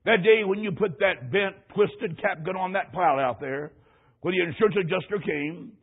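A man's voice: sits high, normal speed, breathy edge. Emphatic preacher man on tinny radio. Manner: emphatic, storytelling, rising to loud climaxes. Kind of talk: sermon with personal story. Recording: tinny phone-like radio broadcast.

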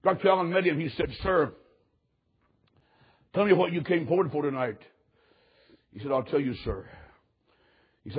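High husky male preacher telling a story. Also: normal speed, pauses often, lo-fi sound. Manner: animated storyteller, swings from loud to hushed. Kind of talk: sermon with storytelling.

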